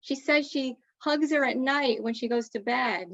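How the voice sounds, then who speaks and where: A woman giving medium readings as a guest, in a soft, reassuring manner with hesitant fillers. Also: high voice, a little slow, dry recording, lo-fi sound. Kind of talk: spiritual reading, casual chat.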